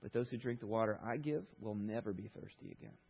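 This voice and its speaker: A preacher quoting a calm, gentle teacher in a soft, measured voice. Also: male voice, fairly low pitch, vocal fry, slightly rough, in a large hall, highs cut off.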